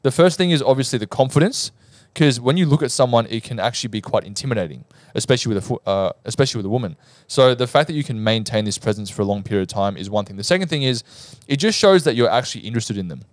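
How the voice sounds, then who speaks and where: Young Australian male co-host, quick delivery, animated storyteller. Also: mid-range voice, dry recording. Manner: explains points step by step, animated storytelling. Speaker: podcast co-host. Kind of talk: casual podcast chat.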